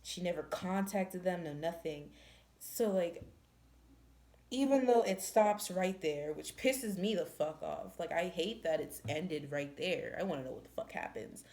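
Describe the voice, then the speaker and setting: A woman's voice: lowish voice, a little slow, a little mellow. A woman reviewing a book in casual chat, retelling the plot in a blunt, profane, exasperated way.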